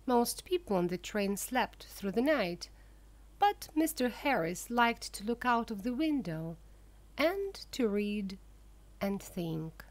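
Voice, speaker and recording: A woman narrating a graded-reader audiobook in a slow, clear reading voice. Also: mid-range voice, very animated.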